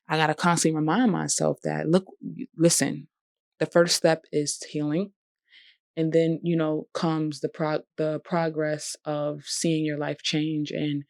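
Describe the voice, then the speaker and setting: A woman's voice: low voice, gravelly, dry recording, clean studio sound. A young woman vlogger, talking in a heartfelt, conversational way about healing and forgiveness. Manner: heartfelt, conversational, drops into bursts of laughter. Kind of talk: emotional personal reflection.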